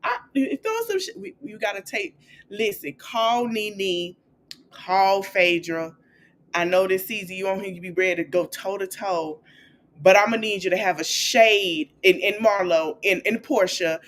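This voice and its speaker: Chatty woman gossip podcast host. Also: unhurried. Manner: chatty and animated, acting out quotes in a high playful voice. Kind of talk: casual celebrity gossip recap.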